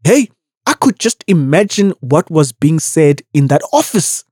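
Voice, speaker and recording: A woman's voice: low-pitched, measured pace, breathy edge, no echo, clean studio sound. A woman hosting a podcast, brash and profane in comedic commentary. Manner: brash, profane, animated storytelling. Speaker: podcast host.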